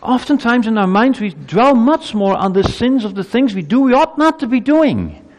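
Man preaching in an echoing church. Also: normal speed. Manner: preaching with lively pitch swings and emphatic rhetorical questions. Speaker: pastor. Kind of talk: sermon.

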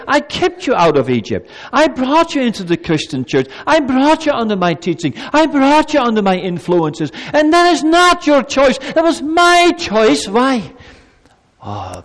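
A man preaching a sermon as pastor, animated, sometimes speaking God's words in a pleading tone. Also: sits high. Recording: long hall reverb.

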